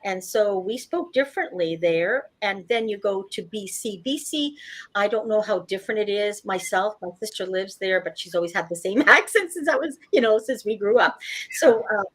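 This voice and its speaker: A woman's voice: mid-range voice, lively intonation, normal speed, a bit bright. A woman from Winnipeg, chatting casually on a video call with many fillers. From Winnipeg, Manitoba, Canada. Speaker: panelist.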